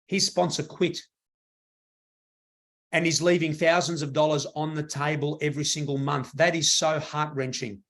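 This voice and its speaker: A man giving an enthusiastic motivational sales pitch to a live audience, repeating himself for emphasis. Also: a bit bright. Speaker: presenter at a business meeting.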